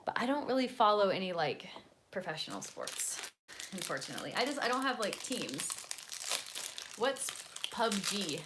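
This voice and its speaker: A woman's voice: medium pitch, sing-song, normal speed, long pauses, noisy background. A young woman chatting casually on a home live stream, rambling while she eats and moves around the house. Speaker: vlogger. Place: home, indoors, moving around.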